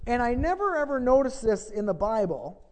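High, lively preaching man in reverb. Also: fairly quick. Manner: storytelling, then rising to impassioned preaching. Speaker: pastor. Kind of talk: sermon. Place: church. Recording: long church reverb.

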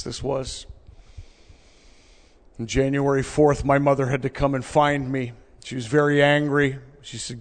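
Gravelly middle-aged man testifying in a hall. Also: mid-range voice. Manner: earnest storytelling, swinging between hushed and loud. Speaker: speaker giving a personal testimony. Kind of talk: emotional testimony to a live audience. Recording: long reverb of a large hall.

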